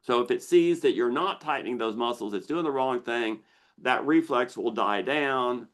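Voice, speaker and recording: A man hosting a live online Q&A, explaining slowly and deliberately with pauses as he shares slides. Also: mid-range voice, a bit bright. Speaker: misophonia researcher hosting a Q&A.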